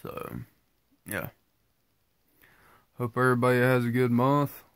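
A man's voice: takes it slowly, pauses often, a bit bright, smooth, dry recording. A tired man with a congested, stuffy voice from sinus trouble gives a casual, rambling update to his viewers. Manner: tired, low-key and rambling. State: tired from just waking up. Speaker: vlogger giving a weight-loss update.

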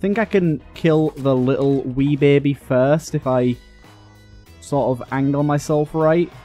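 Man, from the UK, let's-play commentary, sweary, grumbling, slightly high voice, faint background music. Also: unhurried. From United Kingdom. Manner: animated, complaining, sweary. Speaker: gaming YouTuber.

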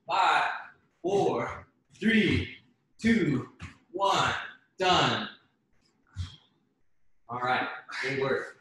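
A man's voice: on the high side, lively intonation, pushed and bright. Echoey male fitness coach on a call. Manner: brisk, encouraging exercise cues and countdowns. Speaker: fitness instructor. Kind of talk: coaching an online workout class. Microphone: video call. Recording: very echoey room, faint noise.

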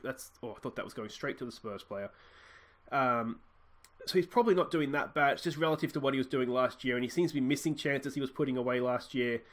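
A young Australian man casually commentating his own football management game, thinking aloud and breaking into excited shouts at goals. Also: mid-range voice. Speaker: let's play host.

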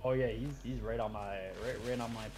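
A man chatting casually as a teammate over voice chat, laid-back and quick to laugh. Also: medium pitch, fairly even intonation, a little mellow, slight background noise.

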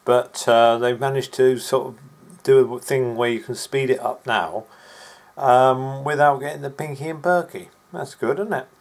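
Gravelly man, chatty and rambling, casual video commentary. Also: mid-range voice, fairly even intonation, normal speed, poor audio. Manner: rambling, chatty, with asides and fillers. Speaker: video maker. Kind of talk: casual commentary over clips.

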